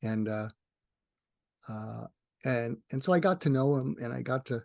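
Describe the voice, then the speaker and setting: Gravelly and animated, this mid-range male voice belongs to a retired psychiatrist, an older man sharing personal stories as a podcast guest. He rambles warmly from tangent to tangent at a normal pace in a casual storytelling interview, with no room sound.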